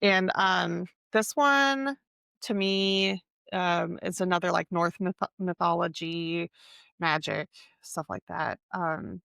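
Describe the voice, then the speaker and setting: A woman's voice: on the low side, takes it slowly, gravelly, fairly bright tone, no room sound. A woman co-hosting a podcast, talking casually about books, stopping often to search for the right word. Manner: chatty, searches for words, many fillers. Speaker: podcast co-host. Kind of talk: casual book chat.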